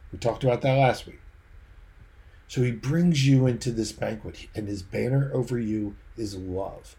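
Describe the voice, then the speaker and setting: A man's voice: mid-range voice, unhurried, dark tone. Man preaching with vivid storytelling. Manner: vivid storytelling, draws listeners into imagined scenes. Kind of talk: sermon.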